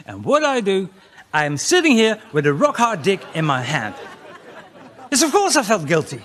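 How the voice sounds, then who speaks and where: A man's voice: on the high side, wildly swooping pitch, normal speed, a bit bright, some chatter behind. A man from the Netherlands, delivering a bawdy, self-mocking stand-up monologue as a conference speaker.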